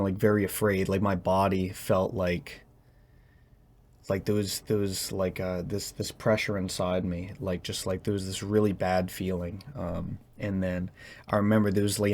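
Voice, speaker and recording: A young man speaking in a personal confessional monologue, halting and hesitant as he searches for words, tense as he talks. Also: low-pitched, flat delivery, a little mellow. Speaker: vlogger.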